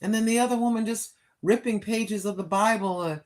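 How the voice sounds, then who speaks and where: A woman's voice: mid-range voice, a little fast, darkish tone. An older woman talking casually and preachily while live-streaming on a walk, recorded on her phone. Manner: chatty, preachy, talks to herself. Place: outdoors on a walk.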